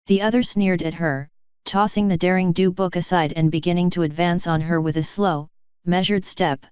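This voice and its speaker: A woman reading fanfiction aloud in steady, measured scripted narration, on a dull, dry recording. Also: lowish voice, clean tone, no echo. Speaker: fanfiction reader.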